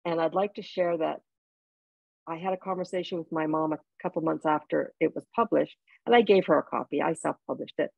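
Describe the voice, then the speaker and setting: A woman's voice: deep voice, a little fast, vocal fry, husky, no room sound, narrow, tinny audio. A woman from Jamaica, an author guest in an interview, telling personal stories in a heartfelt way with restarts. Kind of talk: interview conversation.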